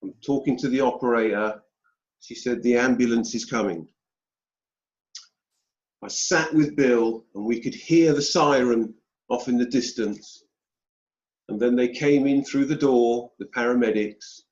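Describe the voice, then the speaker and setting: A British man telling a personal story as an interview guest, slow and deliberate with pauses. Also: medium pitch, darkish tone. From United Kingdom. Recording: dull roomy sound.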